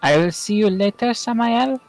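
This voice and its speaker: A man's voice: high voice, a little mellow, soft background music, voice pushed up, low-quality recording. A man voicing a shy, flustered young female kobold who stammers politely and hesitates often. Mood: timid. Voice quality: stammering, halting. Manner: timid and polite, full of hesitant fillers.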